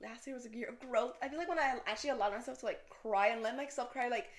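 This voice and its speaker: A woman's voice: on the high side, fast talker. A young woman co-hosting a podcast in casual chat, chatty and gushing, laughing often. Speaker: podcast co-host.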